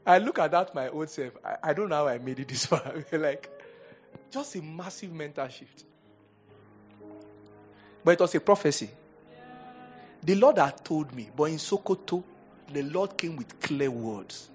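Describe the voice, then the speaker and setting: Here the same Nigerian-accented, middle-aged pastor sounds a little high and very expressive, speaking a bit slowly with frequent pauses. His sermon swings between booming exhortation and hushed stories, broken up by frequent laughter over gentle background music.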